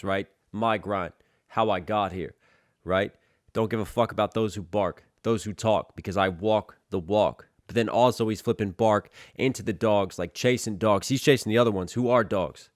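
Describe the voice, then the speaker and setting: A man's voice: lowish voice, moderate pace, no room sound, clean studio sound. A man, a rapper, breaking down a song in reaction commentary, analytical and often checking in with "right?". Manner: analytical, keeps asking "right?".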